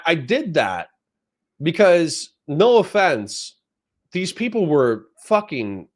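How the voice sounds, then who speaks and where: A young man hosting a casual livestream, reading chat comments aloud and reacting in a profane, animated way. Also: on the high side. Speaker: livestream host.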